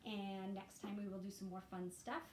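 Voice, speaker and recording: A woman's voice: mid-range voice, level tone, normal speed. A woman giving a reading lesson to parents, explaining patiently and demonstrating sounds. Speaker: reading teacher. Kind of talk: instructional video lesson. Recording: echoey room with faint noise.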